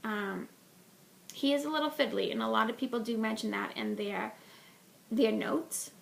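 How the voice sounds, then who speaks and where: A woman's voice: on the high side, fairly even intonation, normal speed, creaky. A woman hosting a knitting podcast, chatting casually about a project with lots of ums and restarts.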